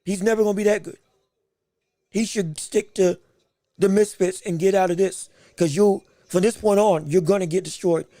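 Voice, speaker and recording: A man's voice: high voice, fairly even intonation, normal speed, mellow, no room sound, studio quality. A man hosting a podcast, giving emphatic live fight commentary with repeated phrases and joking banter with the chat. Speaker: podcast host.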